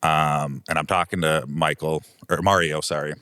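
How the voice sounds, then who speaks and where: Very deep-voiced man telling a rambling story. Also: fairly even intonation, normal speed, pushed and bright, clear, resonant tone, no echo, clean studio sound. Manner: rambling anecdotal telling, lots of um and like. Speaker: property manager guest. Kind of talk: casual interview storytelling.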